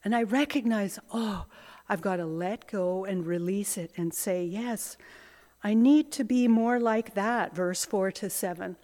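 A woman's voice: mid-range voice, a little slow, warm tone. A woman preaching a sermon in a reflective, self-searching, conversational way. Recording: long hall reverb.

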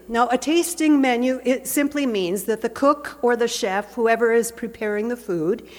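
A woman pastor delivering a sermon in a conversational, gently humorous way, recorded in a church. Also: on the high side. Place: church sanctuary. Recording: echoey church hall.

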